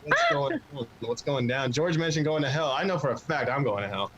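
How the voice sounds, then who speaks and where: A man's voice: medium pitch, huge pitch swings, fairly quick, crowd noise, low-quality recording. A man in his twenties doing a crude, self-mocking stand-up set at an open mic. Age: 20s. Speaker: stand-up comedian.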